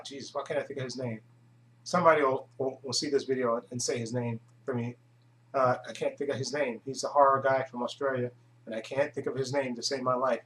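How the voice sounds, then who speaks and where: A man's voice: medium pitch, a bit bright, rough recording. A man hosting his own video channel, chatting casually to camera with many hesitations and restarts. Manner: rambling, full of hesitations and restarts. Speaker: YouTube channel host.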